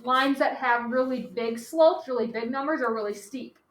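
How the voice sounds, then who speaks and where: A woman's voice: high voice, normal speed. Chatty woman teacher in an echoey classroom. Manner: chatty, peppered with "like" and "okay". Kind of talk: classroom lecture. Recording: echoey classroom, faint noise.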